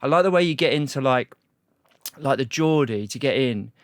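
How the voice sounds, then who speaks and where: Man, Leicester accent, casual guest chat, rambling restarts, middle pitch, dry close sound. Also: lively intonation, normal speed, no room sound. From Leicester, England. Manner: rambling, many restarts and "you know what I mean". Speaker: guest musician.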